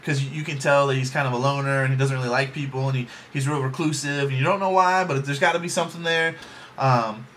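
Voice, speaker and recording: A man with a bright, forward voice rambles through a casual movie review at home in his bedroom. He jokes as he goes and fills his talk with ums and likes. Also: mid-range voice, fairly even intonation, fast talker, slight background noise.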